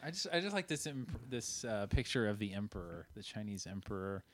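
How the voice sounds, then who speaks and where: Lively, jokey man in casual chat. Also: on the low side, slight background noise. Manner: jokey, quick to quip and ask questions.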